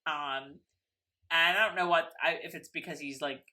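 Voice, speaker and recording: Bright-voiced chatty woman co-host. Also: deep voice, moderate pace. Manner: chatty, animated, lots of fillers. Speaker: podcast co-host. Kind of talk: casual recap chat.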